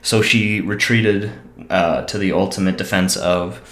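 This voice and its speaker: A man's voice: low voice, steady tone, a little slow, a bit bright. A man telling a story in casual chat, profane and indignant, swearing freely. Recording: roomy echo.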